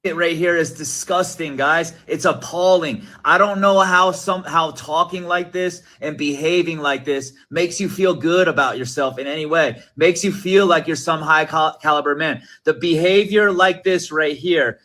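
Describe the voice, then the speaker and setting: A man's voice: on the high side, moderate pace, few pauses, bright, forceful tone. A man giving casual commentary in a disgusted, scolding way.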